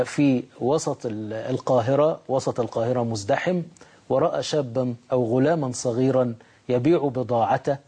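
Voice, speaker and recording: Male host, rapid delivery, husky and dark, formal recap for viewers. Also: mid-range voice. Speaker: TV talk show host. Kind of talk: summarizing for viewers.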